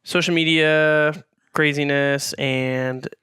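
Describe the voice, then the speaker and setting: Smooth-voiced young man rambling in casual chat. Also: a little high, steady tone, slow, pushed and bright, no room sound, studio quality. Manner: rambling, lots of fillers and restarts. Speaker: podcast co-host.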